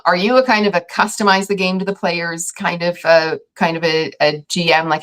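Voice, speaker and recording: A woman's voice: low-pitched, a bit bright. A woman host interviewing a guest in casual chat, asking long, rambling questions with plenty of fillers.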